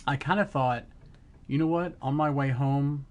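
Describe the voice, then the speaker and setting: Excited man telling a story on stream. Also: medium pitch, normal speed. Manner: excited storytelling, acting out quotes. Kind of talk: casual chat on a live stream.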